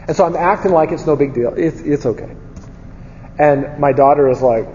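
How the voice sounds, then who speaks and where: A man preaches in a relaxed, conversational way, his voice a touch high and warm. He tells candid stories from his own life and tosses rhetorical questions to the room. The recording is dull and lo-fi, with a long hall reverb and faint ambience behind him. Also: normal speed, long pauses, slight background noise. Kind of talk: conversational sermon.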